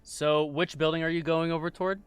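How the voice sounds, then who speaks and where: Higher-voiced man running a tabletop game. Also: flat delivery, smooth, no room sound, faint music behind. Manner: reads descriptions aloud, halting restarts. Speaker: game master.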